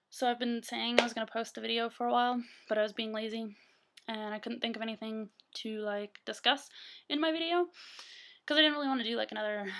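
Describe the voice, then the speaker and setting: A young woman casually tells stories to camera, rambling with plenty of fillers and breaking into laughter often. Her voice sits a touch higher than most women's. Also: fairly bright tone. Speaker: vlogger. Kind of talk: casual storytelling.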